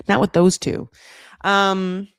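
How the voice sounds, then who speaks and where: Brief: sarcastic female recap host, lively pitch, dry close sound. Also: dry recording. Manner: animated, sarcastic, swears freely. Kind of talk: comedic reality TV recap commentary.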